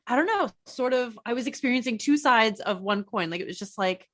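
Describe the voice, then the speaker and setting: Chatty pregnant woman, lively voice. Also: fairly high pitch, a little fast. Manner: chatty, laughing, acts out her own past thoughts. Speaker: podcast host. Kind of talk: casual conversation.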